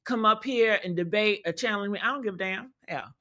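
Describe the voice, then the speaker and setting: A woman's voice: mid-range voice, a little fast, pushed and bright. A woman hosting a livestream, giving blunt, profane commentary and talking to her chat. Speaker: livestream host.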